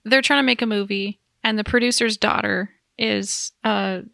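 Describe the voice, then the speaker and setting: Gravelly, bright-voiced woman chatting. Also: mid-range voice, fairly even intonation, normal speed, no echo, studio quality. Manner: chatty, laughs often. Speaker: podcast co-host. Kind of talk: casual chat.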